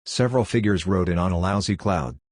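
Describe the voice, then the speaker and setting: A man narrating an audiobook in a steady, plain way. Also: sits low, a little fast, dry recording, studio quality. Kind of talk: scripted narration.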